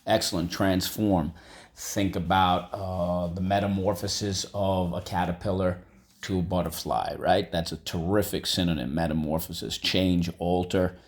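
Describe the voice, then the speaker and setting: A man teaching a vocabulary lesson from home, repeating words slowly for students to echo. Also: deep voice, level tone. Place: home room.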